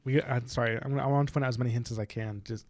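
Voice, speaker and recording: A man's voice: medium pitch, steady tone, very fast, darkish tone. A man co-hosting a podcast, casually discussing a book and eagerly pointing out plot hints, with many fillers. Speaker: podcast co-host.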